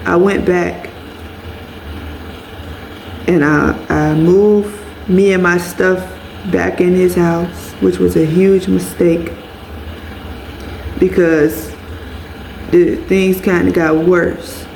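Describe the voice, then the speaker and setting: A woman's voice: on the low side, fairly even intonation, extremely slow, creaky, long pauses, a little mellow, slight background noise. Blunt woman vlogger in an echoey room. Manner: candid, blunt, swears freely, addresses viewers as y'all. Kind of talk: personal storytelling to viewers.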